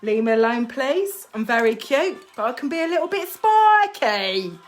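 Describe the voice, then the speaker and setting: Woman doing a cute little cockney hedgehog, a bit high, begging to be left alone. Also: sing-song, moderate pace, faint music behind. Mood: pleading.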